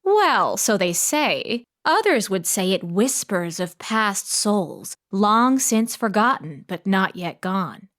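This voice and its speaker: A woman's voice: medium pitch, sing-song, slow, hardly any pauses, a bit bright. A woman voicing a theatrical, gossipy small-town woman in an audiobook, coy and fond of drama. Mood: gossipy, dramatic. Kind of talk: audiobook character voice.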